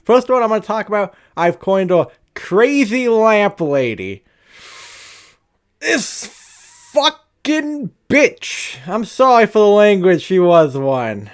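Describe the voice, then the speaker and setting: Young adult man, animated storytime vlogger, cursing and rambling, slightly high voice. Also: slow pace, smooth. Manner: profane, animated, rambling with restarts. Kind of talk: storytime rant.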